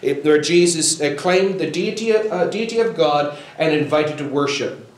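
A man's voice: a little high, expressive, moderate pace, reverberant, poor audio. A male pastor preaching a sermon, quoting scripture with rising fervor.

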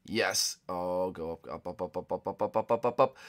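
A young man giving casual, excitable let's-play commentary as a gaming YouTuber, swinging from loud shouts to low muttering. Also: moderate pace, few pauses.

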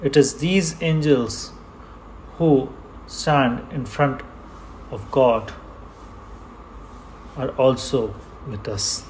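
A man preaching a sermon in church, slow and emphatic, repeating key words for stress. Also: mid-range voice, a little mellow, slight background noise. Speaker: pastor.

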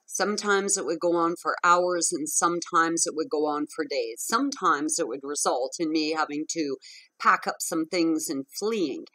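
A woman's voice: low-pitched, bright, forceful tone, low-quality recording. A woman vlogger telling her own story of an abusive relationship, frank, emphatic and profane. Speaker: vlogger on narcissistic abuse. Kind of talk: candid personal storytelling to camera.

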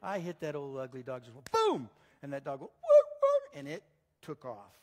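A male pastor preaching a sermon in a church, telling stories in an animated way that swings between loud and soft. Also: medium pitch, a little fast.

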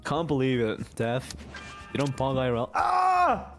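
A man in a casual gaming chat, goofy and excitable, with sudden yelps. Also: mid-range voice, moderate pace. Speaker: streamer guest. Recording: faint background music.

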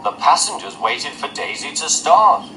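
Lively male storybook narrator. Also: a little high, moderate pace, faint music behind, low-quality recording.

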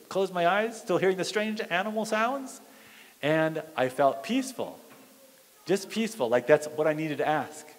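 Animated male pastor in an echoey hall. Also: high voice, normal speed. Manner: animated, dramatic storytelling. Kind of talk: storytelling sermon. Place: church fellowship hall.

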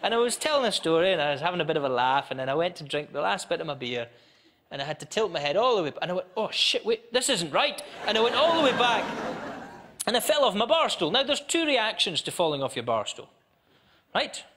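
A Scottish man doing a stand-up comedy set, animated and chatty as he tells stories to a live audience. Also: sits high, fast, slight background noise. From Scotland. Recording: live show with audience laughter.

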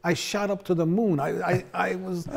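A man with a gravelly, slightly husky voice that sits a little high, telling road stories in a relaxed sit-down chat. He keeps acting out what people said, his voice swooping up and dropping low as he goes. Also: normal speed. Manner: animated storyteller, acts out quotes with big pitch swings. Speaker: bassist. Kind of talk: storytelling in a sit-down conversation.

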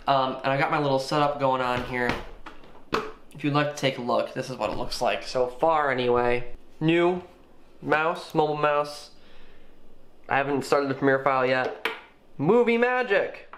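A man's voice: mid-range voice, fairly even intonation, normal speed, long pauses, fairly bright tone, a little hiss or hum. A young man chatting casually as he unboxes and sets up a laptop, thinking aloud with plenty of fillers. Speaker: tech vlogger.

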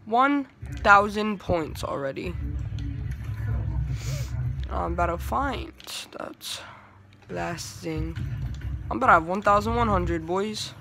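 A young man giving casual, chatty commentary while he plays a video game, trash-talking and breaking into excitable bursts. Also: sits high, slow, gravelly, pauses often, music in the background. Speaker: gamer.

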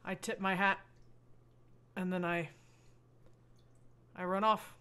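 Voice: medium pitch, flat delivery, slow pace, sharp tone, clear, resonant tone. A player in a tabletop game, talking casually and stumbling over words.

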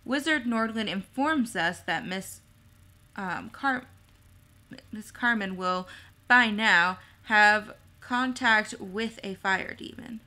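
A woman reading as a tall male elf, grave and composed, with a bright, clear tone and slow, measured delivery. He speaks calmly and formally, like a storybook messenger. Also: medium pitch.

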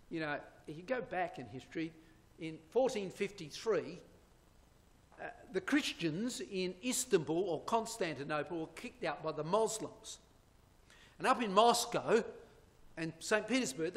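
A Bible prophecy lecturer with a fairly high, slightly bright voice gives an emphatic, sermon-like talk, directing attention to slides and posing rhetorical questions to the audience. A long reverb fills the space, which sounds like a church hall.

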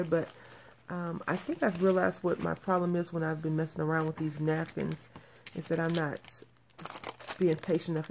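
A woman's voice: on the low side, gravelly, darkish tone, a little hiss or hum. A woman in her thirties showing off crafting mail in a casual show-and-tell, gushing and repeating her praise. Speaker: crafting channel host.

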